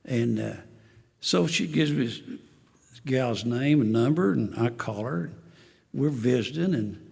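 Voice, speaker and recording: A man's voice: mid-range voice, lively intonation, unhurried, gravelly, darkish tone, breathy edge, in a large hall. A man, telling his life story to a recovery meeting in a folksy, dry-humored way and chuckling at his own jokes. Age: 70s. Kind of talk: personal testimony to an audience.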